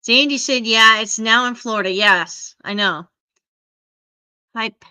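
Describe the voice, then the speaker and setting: A woman's voice: medium pitch, steady tone, moderate pace, bright, forceful tone, smooth. A woman hosting a casual livestream, greeting viewers by name and sounding a little stuffy from allergies. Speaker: livestream host.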